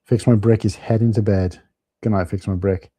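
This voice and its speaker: A man's voice: fairly low pitch, steady tone, moderate pace, dark tone, breathy edge, dry recording. A man with a Welsh accent, chatting casually with viewers as host of a live stream, calling them mate.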